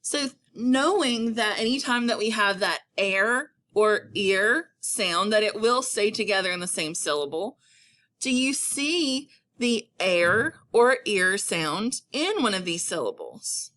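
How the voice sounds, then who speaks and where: A woman teacher giving a recorded phonics lesson to young children, speaking slowly and encouragingly with clearly enunciated words. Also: mid-range voice, animated, a bit bright. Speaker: elementary school teacher.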